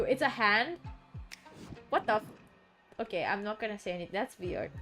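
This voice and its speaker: A woman's voice: medium pitch, animated, moderate pace, long pauses, fairly bright tone, soft background music. A woman streamer giving casual, joking gameplay commentary, chatty and sometimes swearing.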